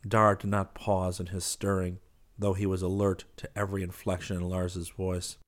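A man reading a novel aloud as a steady, even audiobook narrator. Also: deep voice, moderate pace. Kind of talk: scripted narration.

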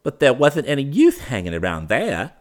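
A man's voice: medium pitch, wildly swooping pitch, moderate pace, pitched above the performer's own voice. A man voicing a fawning, nervous young nephew in a western audiobook, with a pleading manner. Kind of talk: audiobook character voice.

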